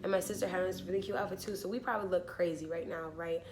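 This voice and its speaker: A woman's voice: lowish voice, fairly even intonation, rapid-fire, noisy background. A young woman telling a storytime vlog, casual and full of swearing and "like", acting out what people said. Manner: casual, swearing, heavy use of "like", acts out quotes. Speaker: vlogger.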